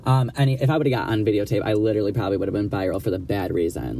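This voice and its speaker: A man's voice: lowish voice, very animated, fast talker, vocal fry, hardly any pauses, warm tone, faint music behind. A young man casually telling a story in a blunt, gossipy, profane way, acting out what others said. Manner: blunt, profane, gossipy, acts out quoted dialogue.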